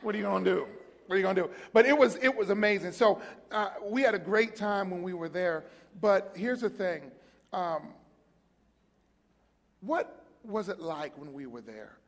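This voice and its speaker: A man's voice: sits high, lively intonation, moderate pace, gravelly. A pastor chatting and telling stories animatedly, often stumbling over his words. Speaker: pastor, co-host. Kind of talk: casual chat, storytelling. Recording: long hall reverb.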